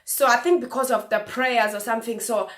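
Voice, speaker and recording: Brief: woman vlogger, slightly high voice, loose chatty storytelling with fillers. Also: a little fast. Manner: animated retelling, acts out quoted dialogue. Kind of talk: personal storytelling.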